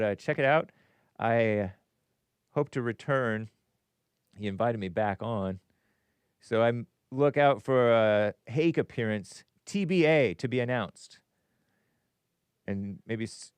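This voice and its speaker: A man's voice: lowish voice, clear, resonant tone, no echo. A man hosting a live call-in show in a rambling, jokey way, laughing at his own asides. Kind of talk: casual live-stream chat, reading viewer messages.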